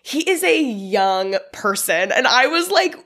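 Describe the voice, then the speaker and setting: A woman's voice: sits high, big pitch swings, takes it slowly, fairly bright tone. A woman co-hosting a podcast, casually recapping a film from her notes and laughing often. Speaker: podcast co-host.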